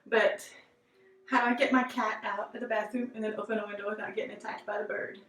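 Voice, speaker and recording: A woman filming a casual vlog inside her house, excitable, flustered and a little breathless. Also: medium pitch, fast talker. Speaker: vlogger. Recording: echoey room with faint background noise.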